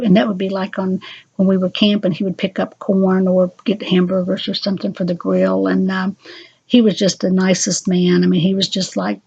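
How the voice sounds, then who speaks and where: An older woman recounting family memories into a home recorder, speaking haltingly with frequent pauses and fillers. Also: mid-range voice, monotone, vocal fry, warm tone, husky. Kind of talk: unscripted personal memoir. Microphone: handheld voice recorder. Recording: dull lo-fi home recorder audio.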